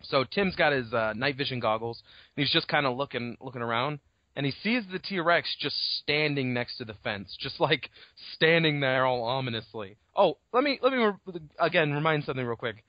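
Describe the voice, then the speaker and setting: A man's voice: mid-range voice, moderate pace, no echo. Swearing, laughing podcast co-host man. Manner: animated, swears freely, laughs often. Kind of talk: casual book discussion podcast. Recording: dull lo-fi dry recording.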